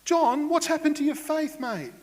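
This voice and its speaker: A man's voice: animated, moderate pace. A man, during a sermon, putting on the voice of an indignant, offended man who complains that a follower has lost faith in him. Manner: high-pitched, loud and exasperated. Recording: long hall reverb.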